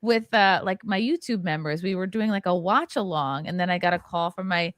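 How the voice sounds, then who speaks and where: A fairly low-pitched woman in her thirties talks a little fast, with no room sound and studio-quality audio. As a stand-up comedian hosting an emotional podcast conversation, she's candid and profane, her voice rising sharply whenever she's upset.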